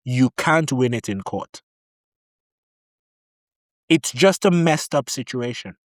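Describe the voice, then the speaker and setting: Animated man telling a cautionary story. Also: fairly high pitch, no room sound, clean studio sound. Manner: animated storytelling, acting out both sides of arguments; direct, warning tone, repeats points for emphasis. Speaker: vlogger giving advice on living in Barbados. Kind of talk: casual advice talk to camera.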